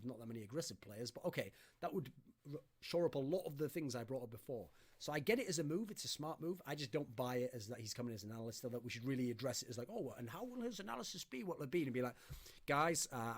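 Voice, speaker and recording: Male podcast co-host, mid-pitched, animated, rambling, self-deprecating. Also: slightly rough. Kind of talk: casual chat.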